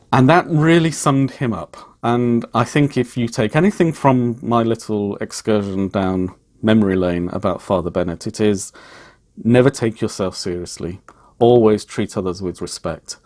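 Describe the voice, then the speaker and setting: Middle-aged guy vlogging, slow thoughtful talk, lots of ums, lowish voice. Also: a little mellow. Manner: measured and thoughtful, with frequent ums. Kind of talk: reflective personal vlog talk.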